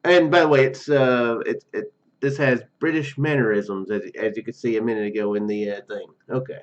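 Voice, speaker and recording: A man with a slightly froggy, hoarse throat, casually reading and chatting through a text adventure game, rambling with many fillers and restarts. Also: medium pitch, fairly even intonation, a little fast, dull audio. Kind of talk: casual let's-play commentary and reading.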